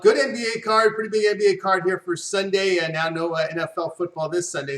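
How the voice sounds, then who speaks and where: Host in a roomy room, far off. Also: male voice, high-pitched, a bit bright. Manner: casual, reads odds off the card. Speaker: show host. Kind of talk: sports betting show hosting. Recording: roomy and distant from the mic.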